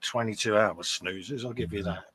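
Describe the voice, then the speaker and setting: A man's voice: on the low side, moderate pace, a bit bright, slightly rough. A man joining a live model-making stream as a guest, teasing the host in dry, matey banter. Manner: teasing, dry, calls people mate, laughs often. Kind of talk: casual late-night banter.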